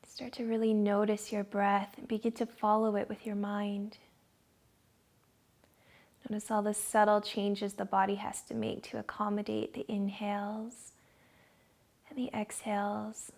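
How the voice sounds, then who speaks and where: A woman yoga instructor talks a gentle class through breathing and poses in a slow, soothing way. Her voice has a gravelly, fry-touched edge, and she sits at a middling pitch for a woman. She is recorded at home in her living room. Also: completely flat delivery.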